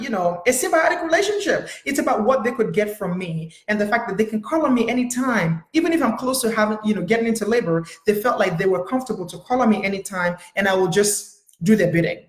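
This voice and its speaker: A woman's voice: medium pitch, expressive, brisk, roomy sound. A woman therapist sharing a personal story in an earnest, storytelling way, with many fillers. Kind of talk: personal talk to camera.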